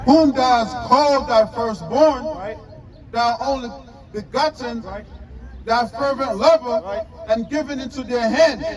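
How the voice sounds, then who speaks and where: A man reading scripture aloud in a slow, measured way. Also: very high voice. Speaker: scripture reader. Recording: distant from mic amid crowd noise.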